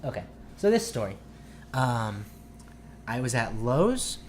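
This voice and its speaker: A young man co-hosting a podcast, telling a long story in a rambling, profane, animated way. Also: medium pitch, slow, a little hiss or hum. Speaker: podcast co-host. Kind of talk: casual storytelling chat.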